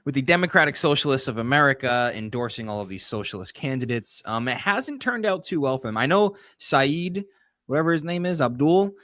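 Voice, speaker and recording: A man's voice: mid-range voice, big pitch swings, a little fast, sharp tone. A man co-hosting a live call-in political stream, talking casually, laughing often and arguing his points. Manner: chatty, laughs often, argumentative. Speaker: co-host of a call-in political show.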